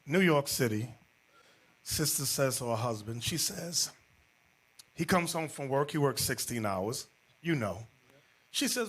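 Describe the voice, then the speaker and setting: A man teaching as bishop, telling stories to a class and swinging into loud, shouted points. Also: a little high, big pitch swings, unhurried, husky. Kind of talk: animated class sermon.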